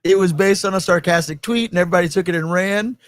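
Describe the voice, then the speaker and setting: Male host, a touch high-pitched, dry studio sound; loose, rambling, laugh-prone delivery. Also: fast talker, fairly bright tone, dry recording. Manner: laughs often, rambling and profane. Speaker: podcast host. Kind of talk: casual chat.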